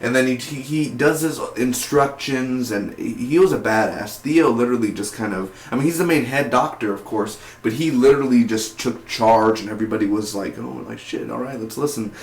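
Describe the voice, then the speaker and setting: A man recapping a TV episode in a loose, excitable ramble, full of "uh" and "you know" and quick restarts. His voice sits at an ordinary middle pitch. The room around him rings with a noticeable echo. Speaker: TV episode reviewer. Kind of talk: casual spoiler review recap. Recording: echoey room.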